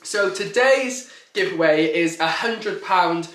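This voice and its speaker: A man's voice: high voice, slow, a bit bright. Easygoing young man in a roomy echo. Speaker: vlogger. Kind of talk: casual chat. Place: living room sofa.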